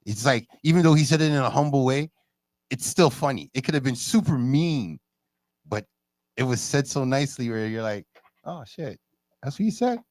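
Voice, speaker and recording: A man chats in an animated, storytelling way, leaping high in pitch whenever he quotes someone. His voice sits at a middling pitch. It is recorded dry and close, with no room sound. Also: normal speed, no echo. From Canada. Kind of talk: casual chat.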